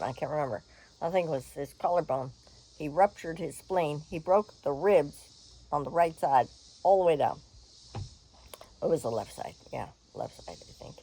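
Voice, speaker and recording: An older woman telling a personal story in a frank, animated way, laughing and swearing freely. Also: low voice, a little hiss or hum, poor audio.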